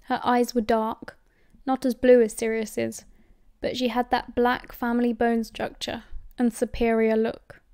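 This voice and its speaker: A woman with a British accent reading audiobook narration at a steady, measured pace. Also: fairly high pitch, clean tone, no room sound, studio quality. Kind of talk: scripted narration.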